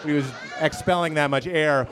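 High-voiced man doing loud stand-up. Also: fairly even intonation, moderate pace, background noise. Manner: loud, swings from shouting to low mumbling. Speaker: stand-up comedian. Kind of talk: stand-up set. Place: comedy club with live audience. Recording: live crowd laughing. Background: audience laughter.

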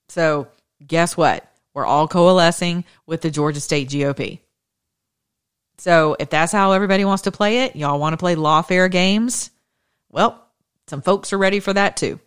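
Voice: mid-range voice, moderate pace, clean tone. A show host giving an impassioned political and religious call to action, fervent and preachy, stacking emphatic repeated phrases.

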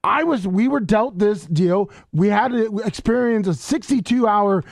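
A man's voice: sits high, unhurried, gravelly. A man co-hosting a show, ranting in an aggravated way, swearing and repeating filler words. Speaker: radio show co-host. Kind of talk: heated on-air rant.

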